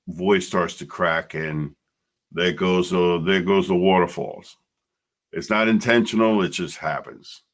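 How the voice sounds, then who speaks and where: A middle-aged man with a very deep, gravelly voice hosts his own podcast. He tells his story in a blunt, emotional monologue and swears freely. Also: a bit bright. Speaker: podcast host.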